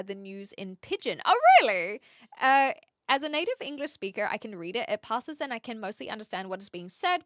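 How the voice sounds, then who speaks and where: A woman with a New Zealand accent chats on her livestream, her voice bright and clear. The sound is close and dry, with almost no room in it. She explains at length and fills the gaps with ums and little laughs. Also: fairly high pitch, no echo. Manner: chatty, explanatory, with frequent fillers and laughs. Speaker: livestream host. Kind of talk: casual chat reading out viewer comments.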